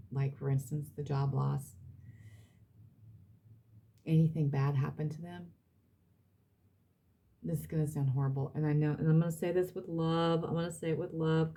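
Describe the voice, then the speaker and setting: A woman's voice: low voice, mellow. A woman reading tarot cards for her audience, emphatic and blunt, repeating herself and swearing now and then. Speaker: tarot reader.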